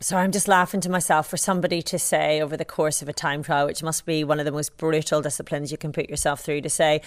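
A woman's voice: sits low, level tone, quick pace. A woman co-hosting a podcast, reacting in an emphatic, exclamatory way. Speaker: podcast co-host. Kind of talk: casual chat.

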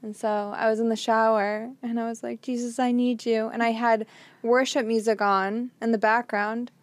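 A woman's voice: on the high side, level tone, normal speed, no echo. Giggly young woman with a dry close sound. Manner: giggly, storytelling, emotional. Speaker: podcast co-host. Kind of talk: casual faith chat.

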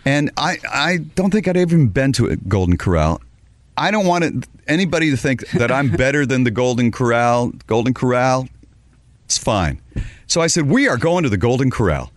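A man's voice: mid-range voice, moderate pace, no echo. A man hosting a radio show, telling a story in casual chat and acting out the people in it. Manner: animated, acts out quoted voices.

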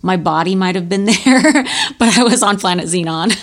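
A woman's voice: mid-range voice, normal speed. Candid woman podcast co-host. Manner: candid, swears freely. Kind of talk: casual chat.

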